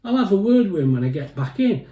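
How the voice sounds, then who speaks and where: A man voicing an elderly queen in a told joke, prim, polite and gently formal. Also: sits high, very animated, fast talker, roomy sound, pitched above the performer's own voice. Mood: gracious. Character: the Queen, an elderly gracious woman.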